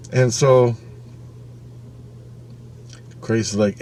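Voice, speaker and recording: A man's voice: medium pitch, a little slow, pauses often, darkish tone, a little hiss or hum. Rambling, profane male storyteller. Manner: rambling, profane, with frequent "right?" asides. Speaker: vlogger. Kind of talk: casual storytelling.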